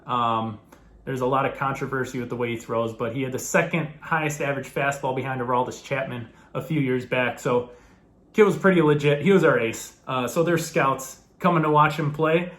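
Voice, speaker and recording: A young man casually telling a story to camera, animated and laughing often, acting out the people in it. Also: medium pitch, a little fast. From New York. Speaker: former college baseball player telling his story.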